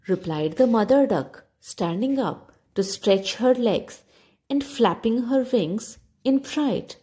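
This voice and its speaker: A woman narrating a children's storybook in a gentle, expressive reading voice. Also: mid-range voice, slow.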